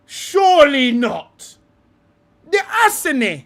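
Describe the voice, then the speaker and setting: High-voiced, lively man teasing. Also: normal speed. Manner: teasing, laughing, repeats phrases. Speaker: host reacting to a video. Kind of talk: live reaction stream, casual banter.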